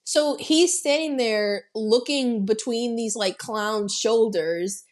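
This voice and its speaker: Animated, swearing woman podcast host recapping a film. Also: on the high side, slow. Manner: animated storytelling, heavy swearing, acting out quotes. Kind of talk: casual film recap chat.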